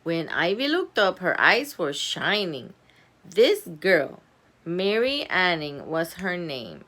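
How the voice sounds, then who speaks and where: A woman reading a children's chapter book aloud at home, animated and giggly, stopping to chat about the story. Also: on the low side, takes it slowly. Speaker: storybook reader.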